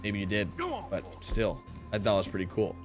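A young man giving excitable gameplay commentary, calling out to his viewers and exclaiming at what he finds. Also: on the low side, brisk, faint music behind. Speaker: gaming YouTuber.

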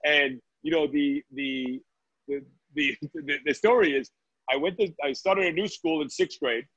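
A man from Brooklyn, a chef, talking on a video call from his restaurant. His voice sits a little high for a man, and he rambles warmly through stories with plenty of "uh"s and "right?"s. The sound is dry and dull, like lo-fi call audio. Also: steady tone, measured pace, dry recording. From Brooklyn, New York. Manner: chatty storyteller, many "uh"s and "right?". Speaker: guest chef. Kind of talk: casual video-call chat.

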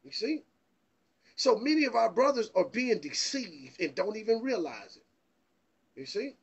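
A man preaching informally from the Bible, excitable and emphatic, stammering and repeating words and firing off rhetorical questions. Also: high voice, gravelly, breathy edge, lo-fi sound. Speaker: Bible teacher.

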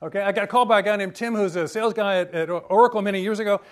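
A man's voice: sits high, racing. A man giving a humorous university lecture, joking and quizzing his audience. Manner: lively and joking, asks the audience questions.

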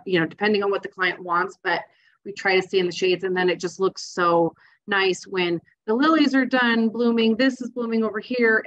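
A woman presents landscape design ideas in a casual, enthusiastic way, chatting through her slides with frequent fillers. Her voice sits at an ordinary middle pitch. The recording sounds dull and lo-fi. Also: fairly bright tone.

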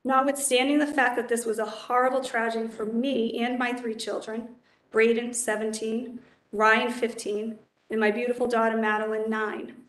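A woman in her forties giving measured, earnest testimony as a judicial nominee at a public hearing. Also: fairly high pitch, little pitch movement, fairly bright tone. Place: council hearing chamber. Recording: echoey hearing room.

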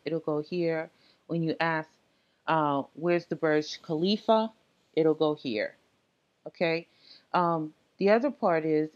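A woman presenting a screencast software tutorial, explaining setup steps casually with frequent ums and uhs. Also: on the low side, dull audio.

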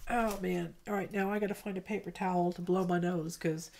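A woman hosting a casual art livestream, chatting softly and greeting viewers by name as she paints. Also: fairly low pitch, fairly even intonation, brisk, gravelly, slight background noise.

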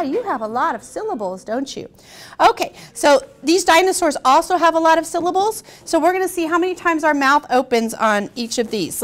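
A woman's voice: high-pitched, fairly bright tone. A young woman hosting a children's show, teaching young kids in a patient, encouraging way and asking them questions.

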